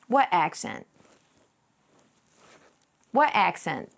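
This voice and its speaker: A young woman talks casually to her viewers as she paints on a live stream. She speaks slowly and lazily, and her voice sits a little high. She is giggly and playful and swoops upward when she reacts to chat. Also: lively intonation. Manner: giggly, playful, reads chat aloud and jumps in pitch.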